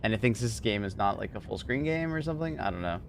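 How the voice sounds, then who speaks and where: Guy on a livestream, super lively pitch, laughs a lot, faint rumble behind. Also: fast. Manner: animated, laughs often, thanks viewers excitedly. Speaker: streamer. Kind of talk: casual livestream chat.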